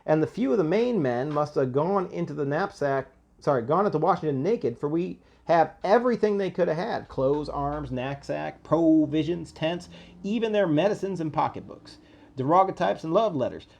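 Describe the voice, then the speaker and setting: A man's voice: fairly high pitch, expressive, normal speed, vocal fry, a little mellow, pitched above the performer's own voice. A man voicing a proud young Southern soldier reading his letter home, with a put-on American Southern accent and a boastful, spirited delivery.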